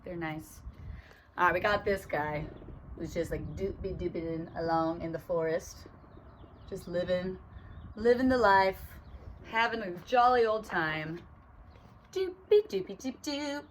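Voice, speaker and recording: A woman's voice: fairly low pitch, a little slow, pauses often, a little hiss or hum. A young woman teacher reading a picture book aloud to children on her phone, bubbly and chatty. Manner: bubbly and chatty, lots of "right?" asides and giggles.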